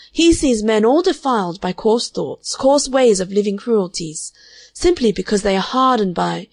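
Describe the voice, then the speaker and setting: A woman reading an audiobook, voicing a fervent, prim spinster who preaches against men in a high-strung, vehement way. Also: darkish tone, no room sound. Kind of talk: audiobook character voice.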